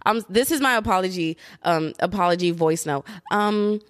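A woman's voice: fairly low pitch, moderate pace, dry recording, clean studio sound. A young woman hosting a podcast alone, chatting casually in slang, hyping up her listeners and giggling as she rambles. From United States. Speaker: podcast host. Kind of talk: casual solo podcast chat.

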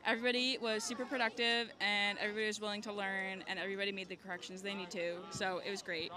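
A woman's voice: mid-range voice, little pitch movement, fast, sharp tone. A young woman in a marching band, answering interview questions in an upbeat, slightly hesitant way. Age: young adult.

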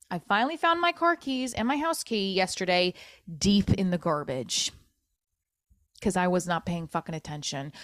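A woman's voice: medium pitch, dry recording, studio quality. Upset woman venting on a podcast. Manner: upset and self-critical, swearing, rambling with restarts. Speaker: podcast host. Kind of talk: emotional solo podcast monologue.

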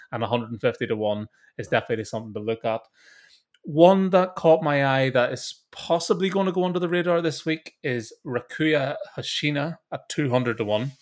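A middle-aged Northern Irish man talks through his picks on a podcast, with a brisk and chatty delivery. He often restarts and repeats words as he goes, and his voice sits in an ordinary male pitch. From Northern Ireland. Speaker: golf betting podcast host. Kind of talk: casual podcast chat with host-read ad.

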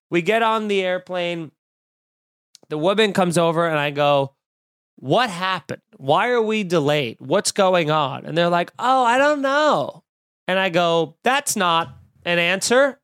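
A man tells a story on a podcast in a loose, ranting way, piling on exaggerations and jokes. His voice sits high for a man. The sound is dry and close, with no room around it. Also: clear, resonant tone, no echo. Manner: animated ranting, exaggerated and jokey. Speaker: podcast co-host. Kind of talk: casual storytelling chat.

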